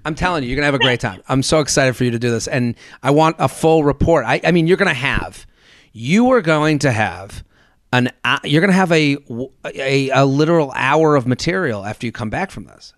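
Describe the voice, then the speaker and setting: A man hosting a podcast in casual chat, animated and jokey, reading listener emails aloud. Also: mid-range voice, quick pace, few pauses, no room sound, studio quality. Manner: animated, jokey, puts on comic voices. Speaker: podcast host.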